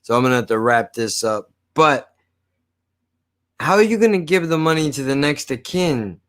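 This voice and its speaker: A man's voice: mid-range voice, expressive, normal speed, a bit bright. Sarcastic, swearing man reacting to a film. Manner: blunt, sarcastic and full of swearing. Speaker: channel host reacting to a film. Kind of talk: profane reaction commentary.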